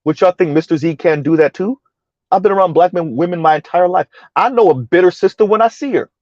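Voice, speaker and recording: A man's voice: high-pitched, brisk, a little mellow, no echo, lo-fi sound. A man giving heated, mocking commentary in a ranting style, his voice jumping up sharply for emphasis. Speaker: online commentator.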